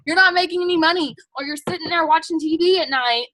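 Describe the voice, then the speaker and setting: Bright-voiced, chatty young woman. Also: very high voice, fast talker, no room sound. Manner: chatty, emphatic, says "like" and "um" a lot; blunt and pushy. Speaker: team leader at a sales kick-off meeting. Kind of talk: casual motivational talk.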